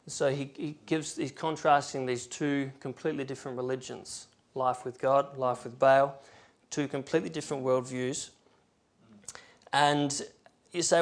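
A man preaching a sermon in a church, reading scripture aloud with emphatic swings from loud to soft. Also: medium pitch, steady tone, moderate pace. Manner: emphatic, rising and falling loudness, reads scripture aloud.

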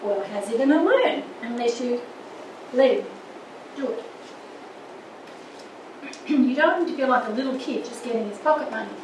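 An older woman with a high voice teaches a church marriage course, earnest and full of anecdotes. She sounds far from the mic in an echoey room with steady background noise. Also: normal speed, long pauses. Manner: earnest, with lively anecdotes and acted quotes.

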